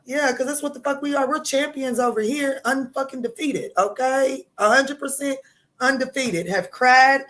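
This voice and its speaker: Bold, profane woman tarot host. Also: normal speed. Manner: loud, bold and profane, laughing often, with sudden jumps in pitch. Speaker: tarot reader livestream host. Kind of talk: casual livestream chat.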